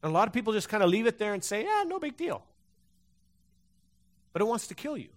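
Male pastor, fairly high-pitched, conversational sermon full of restarts and fillers to a congregation. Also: rapid-fire. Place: church hall before a congregation.

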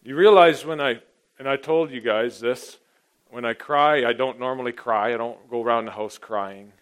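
A middle-aged male pastor who opens with a quiet, earnest prayer and moves into a personal sermon. He talks plainly and tells stories from his own life. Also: mid-range voice, moderate pace, smooth. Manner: earnest, personal storytelling, grows animated.

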